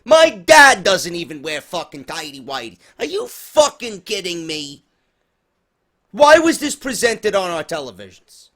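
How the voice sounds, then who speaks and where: A man's voice: sits high, very animated, unhurried, fairly bright tone. A man ranting through a profane, sarcastic review of a wrestling show, exasperated and mocking. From New York.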